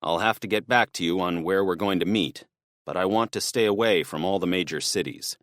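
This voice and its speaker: A man reading an audiobook, voicing a calm, practical middle-aged father who gives his son firm, serious instructions. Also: sits low, a little fast, no echo, studio quality. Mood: firm worried.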